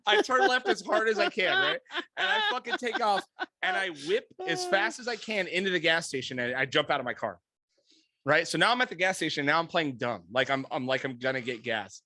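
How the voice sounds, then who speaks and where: A man on a podcast spins a story with a swooping, lively voice. His tone is bright and forceful. He swears freely, laughs often and acts out each person he quotes, close and dry on the mic. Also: on the high side, a little fast, dry recording. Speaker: podcast co-host. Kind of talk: casual storytelling chat. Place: podcast studio room.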